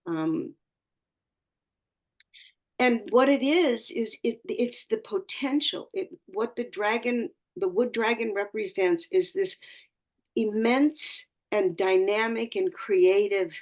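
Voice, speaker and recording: A woman astrologer speaks slowly at medium pitch, giving an earnest, spiritual talk on a community call. She searches for words and often restarts her phrases.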